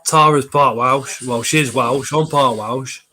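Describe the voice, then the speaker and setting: A man's voice: medium pitch, steady tone, takes it slowly, a crowd in the background. A man hosting a casual livestream, reading the chat aloud, swearing freely and fighting a cold. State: has a cold.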